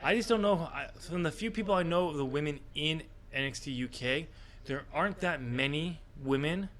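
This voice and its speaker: A man's voice: a little high, normal speed, a bit bright. A man co-hosting a casual wrestling predictions podcast, talking in a hesitant way with many fillers. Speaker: podcast co-host.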